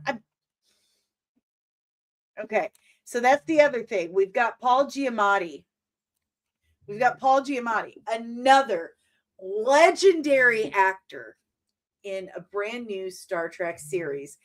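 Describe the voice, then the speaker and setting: A woman in her forties hosting a casual reaction to a trailer, animated and exclamatory with mock outrage. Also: a little high, takes it slowly, long pauses. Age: 40s.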